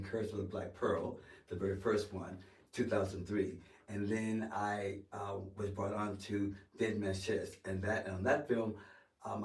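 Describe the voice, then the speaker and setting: A man being interviewed as an actor, telling an animated story with stammering restarts and acting out the quoted lines. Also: lowish voice. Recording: roomy sound from a distance.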